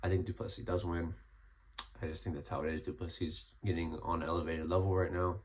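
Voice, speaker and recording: Hoarse, lowish young man; rambling casual fight recap vlogger, voice still rough from illness. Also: flat delivery, fast. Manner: chatty, rambling, lots of restarts. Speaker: MMA commentary vlogger.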